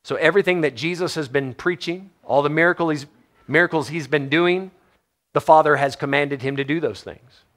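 A man preaching a sermon, shifting between emphatic stresses and hushed low phrases, reading scripture aloud. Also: a little fast. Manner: reads scripture in old-fashioned wording. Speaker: pastor.

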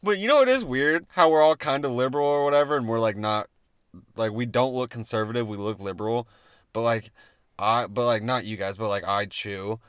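Young podcast co-host, rambling, profane, bright clear voice. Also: male voice, mid-range voice, a little fast, no echo, studio quality. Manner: rambling, swearing, laughing often. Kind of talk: casual chat.

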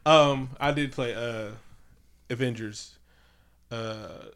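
Bright-voiced guy doing casual movie talk, swears a lot, animated, does little voices. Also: mid-range voice, slow pace, clean tone. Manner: animated, profane, slips into impressions. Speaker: podcast co-host. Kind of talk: casual movie review chat.

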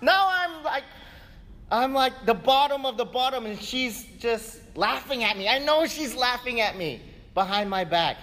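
A man putting on a shrill jealous woman. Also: animated, a little slow, sharp tone, heavily acted. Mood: accusing. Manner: shrieking high accusing whine. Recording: echoey hall, faint ambience.

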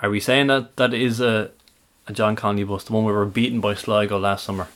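A man's voice: lowish voice, fairly even intonation, a little fast, a bit bright. A man co-hosting a fan podcast, teasing and joking. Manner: jokey, teasing. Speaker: podcast co-host. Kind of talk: casual chat.

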